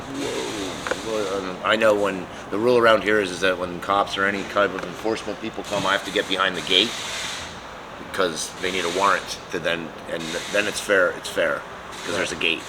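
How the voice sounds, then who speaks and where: Deep-voiced profane storyteller. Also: male voice, normal speed, background noise. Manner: profane, laughing, animated storyteller. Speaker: custom motorcycle shop owner. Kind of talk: casual storytelling chat. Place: motorcycle shop.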